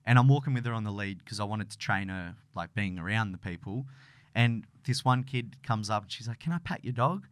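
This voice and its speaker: A man's voice: lowish voice, a little fast, smooth, no echo. A young man co-hosting a podcast, chatting casually and loosely, with lots of "like" and "bro" and swearing. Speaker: podcast co-host. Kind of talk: casual chat.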